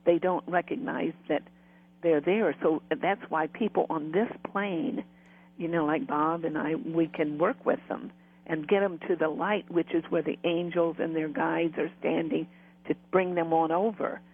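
Here a man, a spiritual medium, tells rambling stories as an interview guest, often restarting and laughing along the way. He sounds a little high and a little slow, with fairly even intonation, through narrow, tinny audio.

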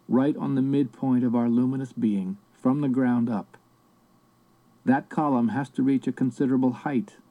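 A man's voice: medium pitch, warm tone, lightly acted, low-quality recording. A man reading the part of an older male sorcerer in an audiobook, speaking in a harsh, commanding, solemn way.

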